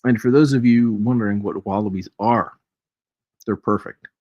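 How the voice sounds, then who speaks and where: A man's voice: on the low side, fairly even intonation, moderate pace, dark tone, dry recording. Jokey guy hosting a trading livestream, keeps chuckling, dull lo-fi sound. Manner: chatty, jokey, often chuckling while reading charts aloud. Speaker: host of a live crypto trading stream. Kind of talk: casual live-stream chat. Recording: dry, dull lo-fi stream audio.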